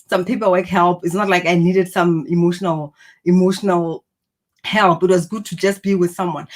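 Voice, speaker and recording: A woman giving an earnest, encouraging motivational talk to camera, reflecting on personality and purpose. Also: on the low side. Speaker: personal growth speaker.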